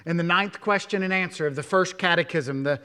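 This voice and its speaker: A male pastor delivers a sermon in a church, his voice sitting a little high for a man. He punches key words, then falls to near-whispers and asks his listeners many questions. The sound rings with a long hall reverb. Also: fairly quick, smooth. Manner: emphatic, swings between loud stresses and hushed asides, many rhetorical questions.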